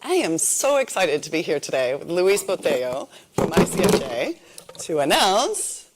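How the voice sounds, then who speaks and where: A woman's voice: lowish voice, sing-song, normal speed, slight background noise. A woman presenting at a conference, giving an upbeat, scripted announcement.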